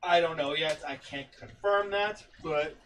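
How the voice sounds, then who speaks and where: A man's voice: on the high side, a little slow, fairly bright tone. A man co-hosting a casual podcast, laid-back and joking, reading out listener comments. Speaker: podcast co-host. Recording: distant mic with faint background noise.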